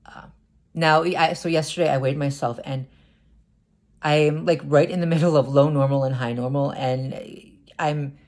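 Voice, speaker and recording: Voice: mid-range voice, steady tone, moderate pace, darkish tone. An adult talking through a personal confessional vlog, hesitant and stammering, with many restarts and repeated words. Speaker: vlogger.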